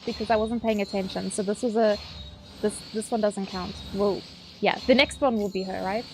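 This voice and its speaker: A woman streaming a game, chatting casually with viewers, excitable and swearing, squealing at her pulls. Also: medium pitch, moderate pace, slight background noise.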